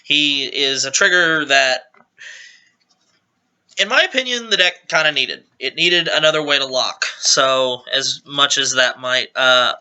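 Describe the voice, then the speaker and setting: A man's voice: mid-range voice, a little slow, sharp tone, clear, resonant tone. A man giving a casual, rambling walkthrough of a card game deck as its reviewer, correcting himself as he goes. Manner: rambling, self-correcting explanation. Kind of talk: casual deck profile talk.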